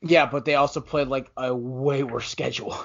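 A man in a casual sports podcast talks in a rambling, self-correcting way and teases his co-hosts. His voice sits at an ordinary pitch. The sound is dull and lo-fi. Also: steady tone, normal speed. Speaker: podcast co-host.

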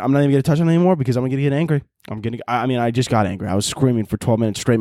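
A young man hosting a comedy podcast, ranting and swearing, his voice leaping high when he gets worked up. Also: expressive, very fast, hardly any pauses, dry recording, studio quality. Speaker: podcast host. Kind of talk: comedic rant.

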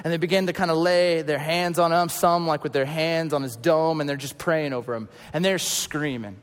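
Man, thirties, preaching a sermon, loud-to-hushed delivery, long hall echo. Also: a little high, steady tone, normal speed. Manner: storytelling, swinging from loud to hushed. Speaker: pastor.

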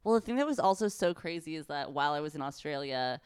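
Jet-lagged young woman, smooth voice. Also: low voice, quick pace, no echo, studio quality. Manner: chatty, animated, swears casually. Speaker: podcast co-host. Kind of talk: casual chat.

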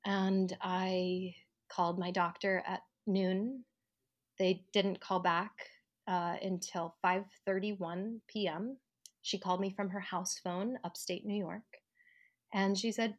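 A podcast guest who is an actor and writer recounts something personal from her living room, speaking at a slow pace in a medium pitch. Reflective overall, she voices the people she quotes with lively rises.

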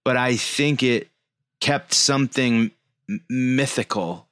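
A man's voice: medium pitch, takes it slowly, fairly bright tone, smooth, no room sound, studio quality. A man in his forties co-hosting a podcast, telling rambling stories in casual chat with lots of fillers. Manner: rambling storyteller, frequent fillers. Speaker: podcast co-host.

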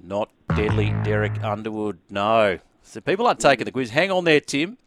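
A man's voice: on the low side, moderate pace, music in the background. A man with an Australian accent hosting a sports radio quiz and chatting easily with callers in a jovial way. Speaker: radio host.

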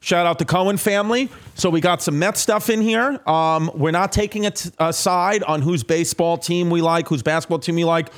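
A man's voice: high voice, fairly quick, few pauses. A man hosting a podcast, rambling and joking in casual chat with plenty of fillers. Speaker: podcast host.

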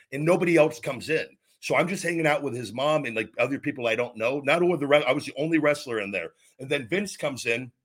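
A man's voice: medium pitch, a bit bright, husky. A man in his forties, a former wrestler hosting a podcast, telling a long story in a rambling, casual way, with many repeats and restarts and some swearing.

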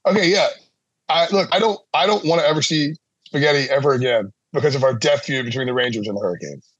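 A man's voice: mid-range voice, fast, fairly bright tone, breathy edge, no room sound, lo-fi sound. A man appearing as a guest sportswriter in casual podcast chat, rambling and self-deprecating, with frequent laughs.

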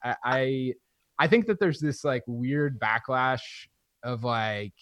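A man's voice: mid-range voice, takes it slowly, a bit bright, no room sound. A man hosting a casual podcast chat, rambling and leaning heavily on filler words.

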